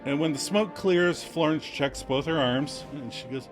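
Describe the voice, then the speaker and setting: A man's voice: fairly high pitch, normal speed, music in the background. A man co-hosting a podcast, narrating a recap in a playful, casual way with frequent laughs. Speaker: podcast co-host.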